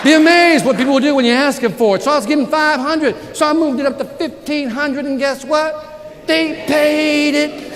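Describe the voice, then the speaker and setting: A man's voice: very high-pitched, quick pace, few pauses, fairly bright tone. A man giving a motivational sales keynote, joking and questioning the crowd with lots of energy. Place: large conference hall. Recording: reverberant hall with audience. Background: audience laughter and murmur.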